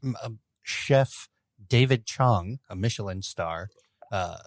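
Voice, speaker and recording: A man co-hosting a casual podcast chat, presenting the beer news in a relaxed, amused way. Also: lowish voice, slow, dry recording, studio quality.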